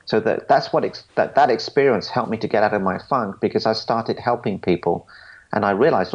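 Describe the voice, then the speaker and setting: Interview guest, man in his forties, deep and gravelly, earnest storyteller who stammers, muffled lo-fi audio. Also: fairly quick. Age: 40s. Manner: earnest, stammers and restarts, quotes others. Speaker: podcast guest.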